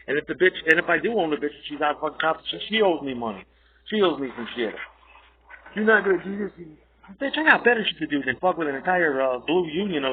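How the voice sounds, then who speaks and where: A man in an aggressive, profane, rambling rant, talking straight at his listener. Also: on the high side. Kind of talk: ranting monologue. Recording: tinny phone-like audio.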